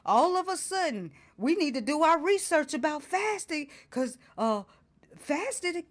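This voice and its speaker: A woman with a high, sing-song voice speaks at a measured pace as the host of her own talk show. Talking passionately to camera, she indignantly reads out ingredients and fires off one rhetorical question after another.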